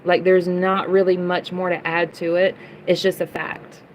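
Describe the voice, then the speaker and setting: A woman's voice: lowish voice, flat delivery, normal speed, a little hiss or hum, poor audio. A young woman livestreaming, ranting at chat comments in a heated, profane way and repeating lines for emphasis. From United States.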